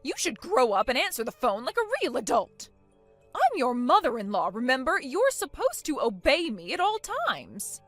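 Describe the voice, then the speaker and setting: A woman voicing a bossy shouting mother-in-law. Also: high voice, sing-song, normal speed, dry recording, exaggerated voice. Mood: commanding. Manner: loud, indignant, demanding. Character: bossy angry middle-aged mother-in-law. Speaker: voice actor. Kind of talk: animated story voice acting. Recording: faint music underneath.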